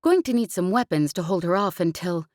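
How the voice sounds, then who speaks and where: A woman's voice: lowish voice, expressive, a little fast, darkish tone, no echo, studio quality, lightly acted. Woman doing a cocky smuggler pilot. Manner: cocky, snapping. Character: brash protective female smuggler pilot.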